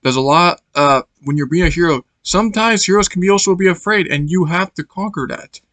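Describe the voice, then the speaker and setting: A man's voice: high voice, fairly quick, fairly bright tone, no room sound. A man casually reviewing a movie for his channel, rambling and searching for words as he laughs along.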